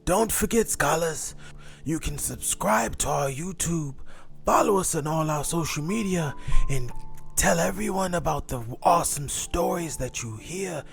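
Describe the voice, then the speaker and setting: A man's voice: a little high, lively intonation, unhurried, gravelly, soft background music. A man hosting a children's story show, talking directly to young listeners like a teacher. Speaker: host.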